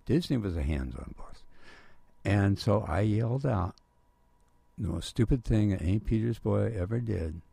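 An older man, a retired professor, telling lively anecdotes in a radio interview and acting out the voices of people he quotes. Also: lowish voice, moderate pace, vocal fry, breathy edge, dry recording. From Southern California. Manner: animated storyteller, acts out quoted voices. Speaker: guest storyteller.

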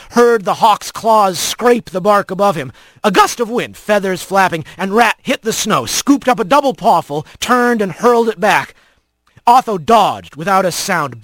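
A man's voice: high-pitched, fairly bright tone, no room sound. A man reading a tense action story aloud as an audiobook narrator, close to the mic.

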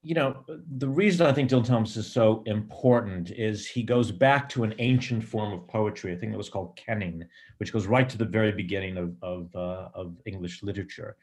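Middle-aged guy with a lowish voice, screenwriter talking through his process, lots of ums, wanders a bit. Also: fairly quick, darkish tone. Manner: thoughtful, digressive, many ums. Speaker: screenwriter and director. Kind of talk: reflective interview answers.

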